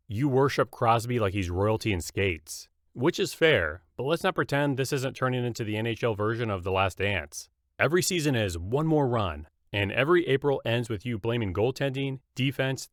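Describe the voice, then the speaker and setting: A man narrating a scripted comedy roast in a mocking, punchy deadpan. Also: mid-range voice, no room sound, clean studio sound.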